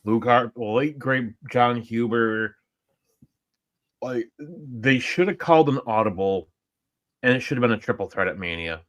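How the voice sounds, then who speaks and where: Brief: New York man, podcast co-host, jumps in quickly, emphatic agreement. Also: medium pitch, lively intonation, highs cut off. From upstate New York. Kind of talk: casual wrestling discussion.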